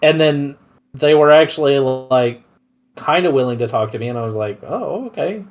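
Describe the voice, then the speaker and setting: A man's voice: medium pitch, steady tone, normal speed. A young man, a player in a tabletop game, earnestly explaining his thinking in casual chat.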